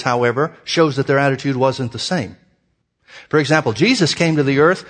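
A man preaching a sermon in a folksy, animated way, full of rhetorical questions. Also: on the high side.

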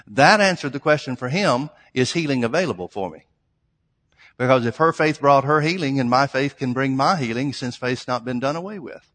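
A man's voice: medium pitch, fairly bright tone. A man preaching a sermon, reading scripture aloud and retelling a story with fillers and restarts. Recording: long hall reverb.

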